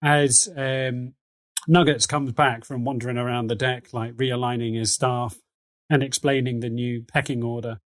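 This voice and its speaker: A man's voice: mid-range voice, level tone, moderate pace, no room sound. A man narrating as dungeon master in an easygoing, descriptive way. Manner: descriptive, easygoing, laughs often. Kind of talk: narrating a tabletop game.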